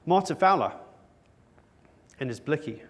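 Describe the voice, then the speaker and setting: A slightly high, somewhat bright male voice, expressive and a little slow. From a conference stage, he speaks to an audience in a wry way, making jokes at his own expense.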